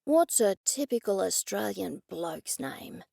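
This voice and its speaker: A woman's voice: medium pitch, expressive, slow pace, vocal fry, dark tone, dry recording, clean studio sound, heavily acted. A woman narrating an audiobook, speaking as its practical, matter-of-fact heroine. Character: practical woman amateur sleuth, first-person heroine.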